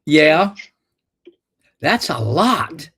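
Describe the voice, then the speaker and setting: A man hosts a call-in show in a folksy, rambling way, with crude humor and homespun sayings. His voice sits a little high for a man. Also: sing-song, extremely slow, sharp tone, husky. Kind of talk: casual call-in talk.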